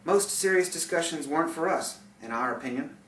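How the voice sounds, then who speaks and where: A man's voice: on the high side, animated, brisk, a bit bright. A man reading his own memoir aloud, sardonic, with bitter asides, in a recording with a roomy, distant sound and faint hiss. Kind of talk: audiobook memoir narration.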